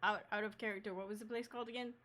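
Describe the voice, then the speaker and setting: A woman's voice: medium pitch, steady tone, rapid-fire, a crowd in the background. Chatty woman playing a tabletop game. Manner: chatty, self-correcting. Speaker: player. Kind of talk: casual game chat.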